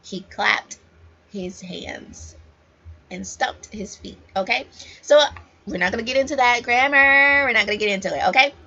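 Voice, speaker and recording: A woman ESL teacher gives new teachers casual, emphatic advice, repeating key points directly to the viewer. Her voice is on the high side and sharp, at a moderate pace, and the lo-fi audio sounds dull.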